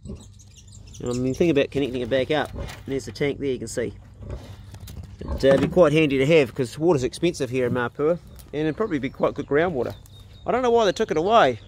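A man with a New Zealand accent chats in an easygoing, slangy way while he films himself on a rural property. He holds a phone up close, so the sound is a bit rough. There is a faint hiss of wind and outdoor air behind him. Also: mid-range voice, brisk, darkish tone. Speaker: outdoor food vlogger. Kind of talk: casual chat. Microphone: handheld phone.

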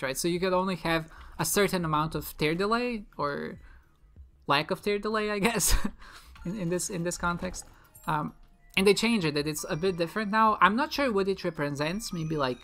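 A woman's voice: on the low side, fairly bright tone. A woman giving casual, rambling let's-play commentary while she plays, chatty and self-deprecating, often giggling and restarting her sentences. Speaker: gaming video creator. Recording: faint music behind.

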